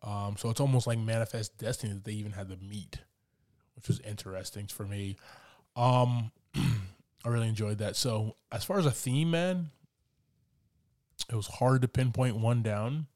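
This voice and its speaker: A man's voice: fairly low pitch, normal speed, darkish tone, no room sound, studio quality. A man co-hosting a casual movie review chat, laid-back and loose, tossing in "man" and fillers. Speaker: movie review podcast co-host.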